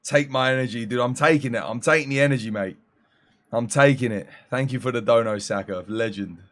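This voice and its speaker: His voice is medium-pitched and fairly bright in tone, yet it's fading after eighteen hours of streaming. Tired, the man talks casually with his viewers, joking and drawing out his thanks to people by name.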